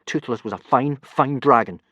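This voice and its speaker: A man's voice: medium pitch, normal speed, dry recording, close to an everyday voice. A man voicing a small, stubborn Viking boy, in a storybook reading. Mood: quiet. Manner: quiet, then yelling insults.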